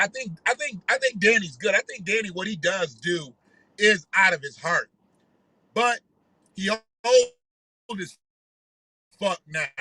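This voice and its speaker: Man, high voice, very bright and sharp, profane rant, dry sound. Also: no echo, low-quality recording. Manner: heated, profane, conversational. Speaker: commentator. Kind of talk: ranting commentary.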